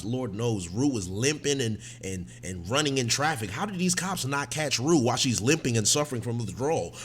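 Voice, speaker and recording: Animated man reacting to a TV episode. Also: medium pitch, a little hiss or hum. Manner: animated and emphatic, often slipping into mocking impressions. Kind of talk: casual TV reaction commentary.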